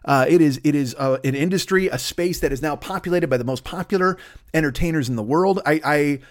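A man's voice: on the high side, fairly quick. A man hosting a solo comedy podcast from his home desk, rambling and self-deprecating, swearing constantly. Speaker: podcast host.

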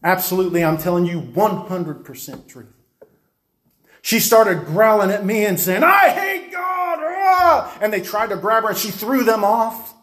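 A man preacher telling a dramatic testimony in a fairly high voice, emphatic and insistent and acting out each moment. His voice rings through a roomy, echoing space. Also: normal speed. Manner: emphatic, insistent, acts out scenes. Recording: roomy echo.

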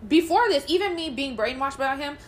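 A young woman with a fairly high voice tells her own story bluntly in relaxed, profane chat. She acts out other people's words as she goes. A faint hiss sits under the recording. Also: brisk. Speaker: guest telling her story. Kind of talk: casual chat.

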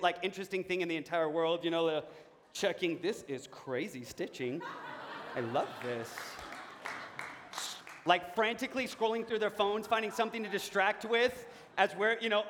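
A young adult man preaching a sermon, telling stories about himself in a relaxed, joking way. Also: high voice. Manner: conversational, self-mocking storytelling. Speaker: pastor. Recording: long reverb of a large hall.

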